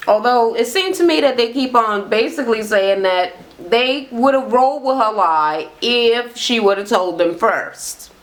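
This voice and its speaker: A woman's voice: a little high, unhurried. A woman giving a blunt, heated, swear-heavy recap of a reality show to her camera. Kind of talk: profane ranting recap. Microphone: camera mic facing speaker.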